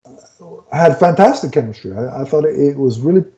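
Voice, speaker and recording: A man's voice: fairly high pitch, animated, brisk, warm tone, dull audio. A man co-hosting a casual film review, retelling scenes with lots of restarts and fillers. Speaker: podcast co-host reviewing a film.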